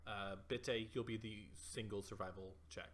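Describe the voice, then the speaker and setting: A man's voice: fairly low pitch, fairly even intonation, normal speed, a little hiss or hum. A man running a tabletop game as dungeon master, explaining rules hesitantly with many fillers.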